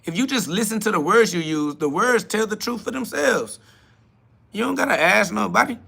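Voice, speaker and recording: Podcast host, male, bright slightly high voice, blunt and mocking, laughs at his chat. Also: animated, moderate pace, gravelly, slightly rough. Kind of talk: live solo podcast answering chat questions.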